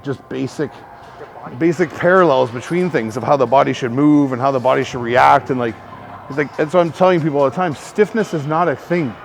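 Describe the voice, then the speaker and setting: A man's voice: mid-range voice, gravelly, slight background noise. A man working as a personal trainer, rambling through casual coaching talk to the camera, swearing and filling gaps with "like". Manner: rambling, profane, filler-heavy.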